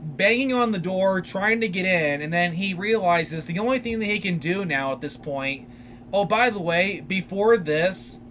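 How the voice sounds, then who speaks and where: A young man hosting a podcast, retelling a film in a rambling, animated way with lots of fillers. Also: high voice, moderate pace, a little hiss or hum. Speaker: podcast host. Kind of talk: casual solo film recap.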